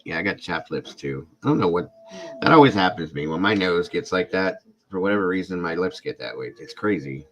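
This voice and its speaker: A man with a very deep voice hosts a relaxed livestream and warmly greets viewers by name. He sounds congested and a little worn down from being sick, talking at an easy, chatty pace into a home streaming mic. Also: a little fast, muffled recording. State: congested and coughing from illness. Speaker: true crime YouTube livestream host.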